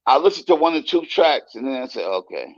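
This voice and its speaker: A man guest telling stories in a casual interview, animated and profane, acting out the voices he quotes. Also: medium pitch, a little fast, no room sound, dull audio. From United States.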